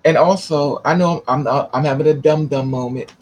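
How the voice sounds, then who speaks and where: A man's voice: on the high side, moderate pace, a little mellow, slight background noise. A man vlogging, telling a personal story casually, rambling with restarts and swearing.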